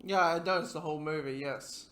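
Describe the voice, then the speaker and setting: A man's voice: fairly high pitch, steady tone, a little fast, a bit bright. A man hosting a casual movie watchalong, rambling and stumbling over his words as he restarts sentences. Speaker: movie commentary host.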